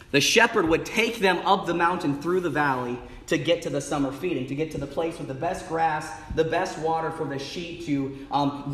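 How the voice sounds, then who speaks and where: Young male preacher, high voice, exuberant and emphatic, church hall with long echo. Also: fairly bright tone. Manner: exuberant, rising to emphatic bursts with call-outs of "amen" and "hey". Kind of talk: sermon. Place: church sanctuary.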